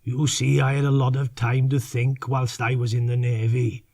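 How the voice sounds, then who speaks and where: A man voicing a mischievous old male sea captain with a Scottish accent, projecting each word slowly. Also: mid-range voice, level tone, darkish tone, lightly acted.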